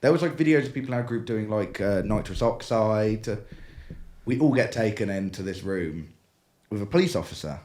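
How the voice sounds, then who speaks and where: This young man co-hosts a laid-back podcast in a British accent, his voice fairly low and his pace moderate. Telling a lengthy story, he laughs as he goes and does voices for the other characters, full of animation.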